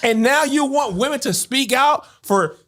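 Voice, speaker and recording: A woman's voice: sits high, measured pace. A woman podcast host in casual discussion, arguing her points with rhetorical questions. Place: podcast studio.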